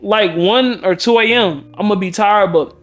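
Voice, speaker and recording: A man in a storytime rant to camera, animated and profane, laughing in exasperation. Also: sits high, measured pace, soft background music. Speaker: vlog host.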